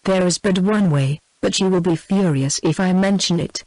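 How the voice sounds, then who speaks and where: A synthetic female voice with a British English accent, reading the lines of a calm, principled young governess in an even, unhurried way. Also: on the low side, no echo, natural voice, poor audio. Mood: firm.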